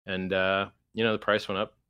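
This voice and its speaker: A man's voice: low voice, level tone, moderate pace, clean tone, no room sound, lo-fi sound. A man being interviewed, talking emphatically and acting out quoted exchanges in mocking voices. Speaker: guest, crypto founder. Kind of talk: animated interview talk.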